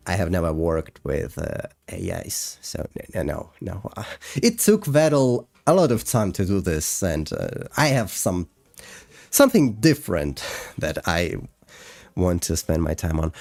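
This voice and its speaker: A man with a Russian accent, a native Russian speaker, streaming casually as he reads chat and explains his animation work, halting with frequent fillers and restarts. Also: sits low, a little mellow, no echo.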